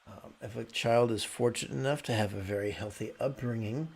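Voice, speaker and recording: A man giving a calm, explanatory meditation talk as teacher, often restarting his sentences. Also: mid-range voice, brisk, gravelly, slightly rough.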